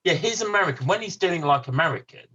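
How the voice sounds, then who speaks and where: A man chatting on a podcast with a bright, slightly husky voice. His pitch swings widely as he talks. He laughs easily and trips over his words now and then. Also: lively intonation, fast, highs cut off. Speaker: podcast co-host. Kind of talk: casual chat about football films.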